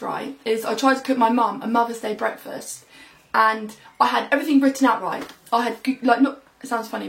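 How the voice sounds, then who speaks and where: A young woman talks straight into her camera in a loose, rambling vlog, padding her thoughts with fillers. Her voice sits a little high and carries a gravelly fry. It has the easy, unscripted sound of someone chatting alone at home. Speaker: vlogger. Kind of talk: casual talk to camera. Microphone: camera mic.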